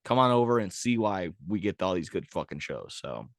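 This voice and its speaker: A man's voice: deep voice, sing-song, a little fast, vocal fry, no room sound, studio quality. A man co-hosting a sports podcast, ranting profanely in casual chat and laughing at his own jokes. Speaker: podcast co-host.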